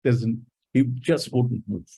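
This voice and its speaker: Husky man telling a coaching story. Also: mid-range voice, fairly even intonation, takes it slowly, warm tone, rough recording. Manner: reflective, acts out quoted dialogue. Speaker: coach giving a webinar talk. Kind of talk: storytelling in a webinar talk.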